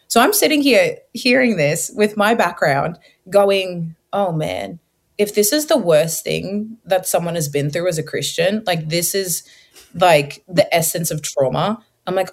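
Young woman, interview guest, faith testimony, lively retelling, acts out her own past words. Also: fairly low pitch.

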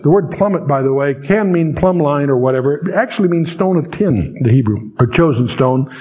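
An older man teaching the Bible verse by verse. He reads scripture slowly and explains it with dry asides. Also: mid-range voice, expressive, a little mellow.

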